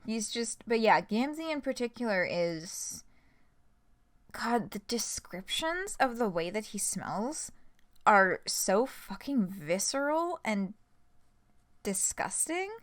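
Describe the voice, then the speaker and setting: A young woman streams herself reading a web comic, breaking off into blunt, swearing asides. Her voice sits at a middle pitch. The sound is dry and close, with no room echo. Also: slow pace. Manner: blunt, swearing, animated commentary.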